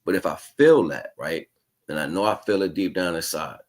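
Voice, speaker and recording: A man's voice: deep voice, normal speed. A man hosting his own livestream, giving a casual, slangy spiritual monologue that rambles and keeps checking in with "you know what I'm saying". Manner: rambling, musing delivery with restarts. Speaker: livestream host.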